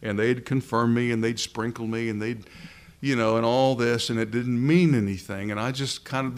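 A man preaching a sermon to a live congregation, earnest and emphatic, drawing out key words for stress. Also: mid-range voice.

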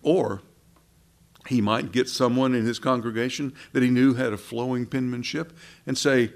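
A man with a gravelly, creaky voice preaches a sermon at a middle pitch. He talks conversationally, asking his listeners rhetorical questions and stopping for asides. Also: moderate pace.

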